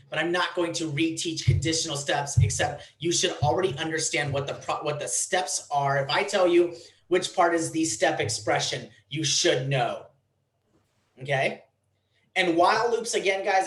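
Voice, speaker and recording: A man's voice: a little high, normal speed, fairly bright tone, roomy sound, rough recording. A man teaching a programming class, blunt and teasing, in a classroom. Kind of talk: classroom lecture.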